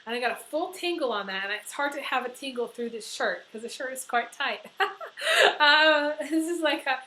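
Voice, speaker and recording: A middle-aged woman giving a casual tarot reading, blunt and chatty, swearing freely and filling pauses with "you know". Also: high-pitched, sharp tone, low-quality recording. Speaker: tarot reader.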